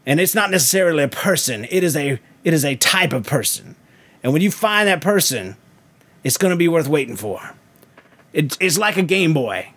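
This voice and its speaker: A man voicing a loud, charismatic male Southern preacher in a mock sermon with a Southern accent, folksy and emphatic. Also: fairly high pitch, very animated, normal speed. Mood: preachy.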